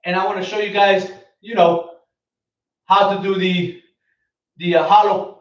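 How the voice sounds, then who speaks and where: Man, fitness coach, high voice, unhurried, counting reps, distant mic, muffled sound. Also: fairly even intonation. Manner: counts reps aloud while exercising, upbeat coaching. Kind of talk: home workout instruction. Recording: echoey distant lo-fi home video.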